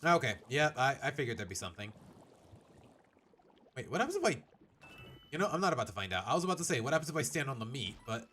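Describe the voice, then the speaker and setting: A man's voice: mid-range voice, big pitch swings, fast, pauses often, pushed and bright, a little hiss or hum. A man giving let's play commentary. He rambles, thinks aloud and pokes fun at himself. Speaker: gaming streamer. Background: faint game music.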